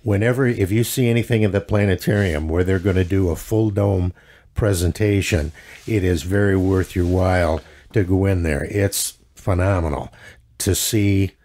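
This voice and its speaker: A man's voice: deep voice, steady tone, normal speed, darkish tone. A man co-hosting a podcast, easygoing and a bit rambling, searching for words as he describes things. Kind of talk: casual chat.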